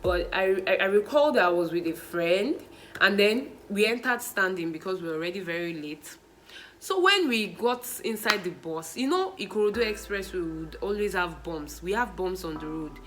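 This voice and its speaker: Bright-voiced young Nigerian woman telling stories. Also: mid-range voice, normal speed, faint music behind, low-quality recording. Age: young adult. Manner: animated, laughing, mixes in pidgin and Yoruba exclamations. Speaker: vlogger. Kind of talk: casual storytelling vlog.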